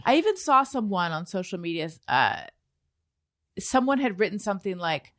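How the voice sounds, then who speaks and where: A woman's voice: mid-range voice, big pitch swings, normal speed, dry recording. Woman podcast host, dry close mic. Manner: reads ad then chats, mocking gushing voices. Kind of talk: casual comedy chat.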